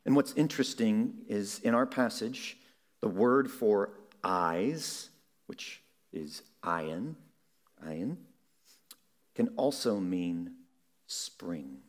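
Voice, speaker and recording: A man preaching a sermon in a measured way, slowing down on key words for emphasis. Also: lowish voice.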